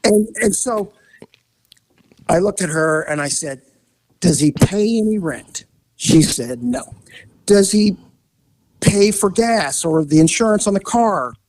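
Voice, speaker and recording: A man's voice: sits high, lively intonation, slow, pauses often, darkish tone, no echo. A man who was a police officer, casually telling a story and acting out voices and sound effects.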